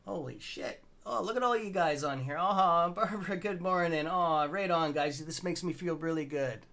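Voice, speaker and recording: Rambling Canadian man, slightly high voice. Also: normal speed, gravelly, pushed and bright. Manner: rambling, loose and friendly, greets viewers by name, says "man" and "bro". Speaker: stock trading livestream host. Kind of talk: casual livestream chat.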